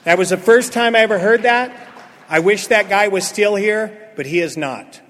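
A man sharing his recovery story at a meeting, an animated storyteller who acts out quotes and swings from loud to hushed. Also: high voice, moderate pace, slight background noise. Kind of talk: personal recovery testimony. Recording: long hall reverb.

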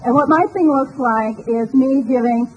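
A high-voiced woman in her sixties tells her personal story in a chatty, self-mocking way, full of fillers and quick asides. The recording sounds slightly dull, with a faint hiss underneath. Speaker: speaker sharing her recovery story. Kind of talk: personal testimony talk.

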